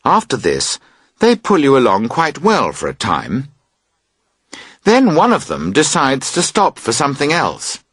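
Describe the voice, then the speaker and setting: A man narrating a graded-reader story aloud, expressive and putting on voices. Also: medium pitch, a little slow, slightly rough, dry recording, clean studio sound. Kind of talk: audiobook reading of a graded reader.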